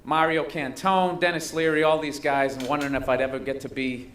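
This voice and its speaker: A man's voice: a little high, level tone, a little fast, fairly bright tone, slight background noise. A male comedian telling a long story as a talk show guest. He rambles, swears freely and mocks himself. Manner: profane, rambling, self-mocking.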